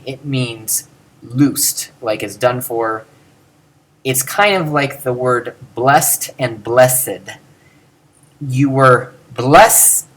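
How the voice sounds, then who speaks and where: A man's voice: mid-range voice, fairly bright tone. A man giving an informal grammar lesson, thinking aloud with fillers and self-corrections and drawing out example words. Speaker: teacher explaining Greek grammar. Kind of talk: informal recorded lecture.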